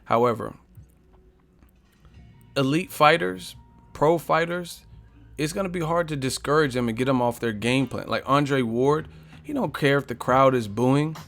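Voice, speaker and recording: A man's voice: mid-range voice, a little slow, vocal fry, pauses often, fairly bright tone, faint music behind. A man hosting a boxing live stream in a casual, profane, joking way, reading viewer comments aloud and trash-talking back at them.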